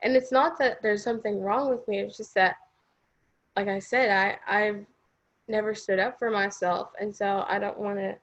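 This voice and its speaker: A woman's voice: mid-range voice, fairly even intonation, moderate pace, dull audio. Woman sharing a personal story, hesitant. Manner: hesitant, with many fillers and nervous laughs. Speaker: interviewee.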